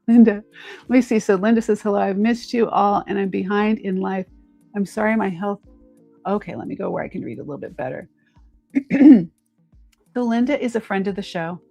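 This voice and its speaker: A woman's voice: mid-range voice, mellow. A woman hosting a live jewelry auction stream, chatty and upbeat, talking straight to her viewers. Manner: chatty, upbeat, addresses viewers as "you guys". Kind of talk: live-stream selling chat.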